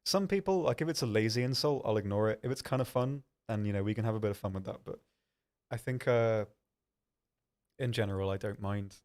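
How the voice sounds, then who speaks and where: A young man with a somewhat low voice hosts a live stream in a loose, chatty way. He reads viewer questions aloud and answers them with plenty of ums and a self-deprecating streak. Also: fairly quick, darkish tone. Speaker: stream host answering chat. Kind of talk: casual live-stream chat.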